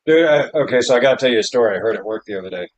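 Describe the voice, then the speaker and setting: A man's voice: medium pitch, lively intonation, rapid-fire. Laid-back man in profane banter. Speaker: podcast co-host; father. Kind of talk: casual chat.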